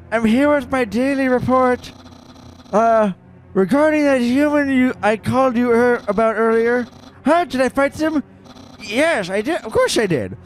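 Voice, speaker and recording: A man voicing an excitable male skeleton guard, shrill, stammering and out of breath as he reports. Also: a little hiss or hum.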